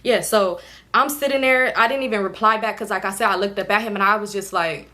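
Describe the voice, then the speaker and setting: In her home, lit by a ring light, a young woman vlogs a storytime for viewers in a lively, slang-heavy way. She talks briskly at a medium pitch.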